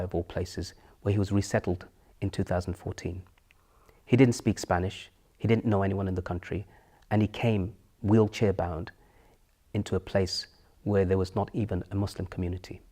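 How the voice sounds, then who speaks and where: A middle-aged man narrating his own memories in a solemn, measured and earnest way. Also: low-pitched, a little mellow. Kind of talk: reflective memoir narration.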